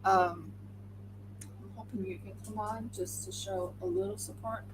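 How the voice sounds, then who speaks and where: Woman crafter narrating her resin pour on stream, unhurried, chatty. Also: mid-range voice, fairly even intonation, noisy background. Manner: chatty, talks through each step as she works. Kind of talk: casual livestream chat while crafting.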